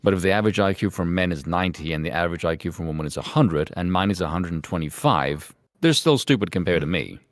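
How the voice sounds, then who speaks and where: Give me a deep, calm-voiced man in his thirties. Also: fast talker, hardly any pauses, no echo, clean studio sound. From Ireland. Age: 30s. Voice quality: deep, resonant. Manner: calm, wry, swears freely. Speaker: podcast co-host. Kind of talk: casual chat.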